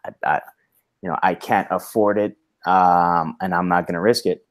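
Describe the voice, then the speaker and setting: A loud, lower-voiced bilingual man. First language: bilingual in English and Spanish. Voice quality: naturally loud voice. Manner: animated, halting, lots of restarts and chuckles. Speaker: guest author. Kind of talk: casual video-call interview.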